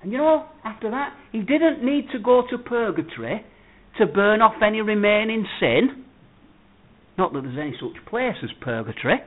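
A man preaching a sermon, emphatic, swinging between loud declarations and hushed words. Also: high voice, big pitch swings, moderate pace. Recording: tinny phone-like audio.

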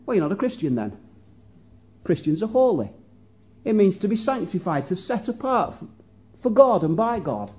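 Man, preacher, sermon, earnest, questioning, high-pitched. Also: big pitch swings, normal speed, pauses often, a little mellow, husky. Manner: earnest, asks the congregation questions, repeats words.

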